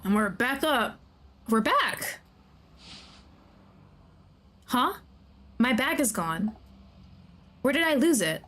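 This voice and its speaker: A woman streamer commenting on a game as she plays, gushing, excitable and talking straight to the characters. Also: fairly high pitch, slow, pauses often. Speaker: VTuber streamer. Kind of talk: let's-play commentary.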